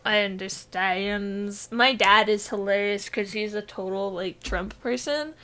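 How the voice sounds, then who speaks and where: A woman's voice: mid-range voice, unhurried, a bit bright. A young woman co-hosting a casual gaming podcast, rambling with lots of fillers and giggles. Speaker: podcast co-host.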